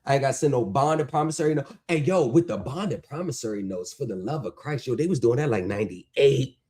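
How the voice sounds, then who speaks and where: A man hosting a livestream, talking in an animated, mocking rant that is full of profanity and rhetorical questions. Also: medium pitch, quick pace. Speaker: stream host. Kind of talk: ranting livestream talk.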